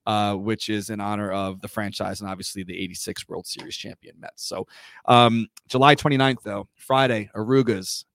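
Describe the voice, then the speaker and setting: A man's voice: lowish voice, fairly even intonation, normal speed, a bit bright. A man hosting a casual podcast, chatty and rambling, with fillers and self-corrections. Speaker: podcast host. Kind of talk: casual chat.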